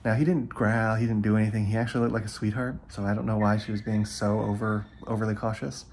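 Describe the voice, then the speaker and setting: A man's voice: on the low side, little pitch movement, fast, darkish tone, a little hiss or hum. A man vlogging, casually telling a story to the camera and acting out what people said. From California. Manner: chatty, retells events with quoted asides. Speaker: travel vlogger.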